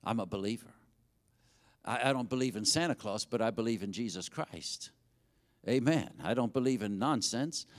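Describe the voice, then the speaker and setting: A man's voice: medium pitch, normal speed. A man pastor preaching a sermon and leading a prayer, with rising intensity and fervent repetition. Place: church sanctuary.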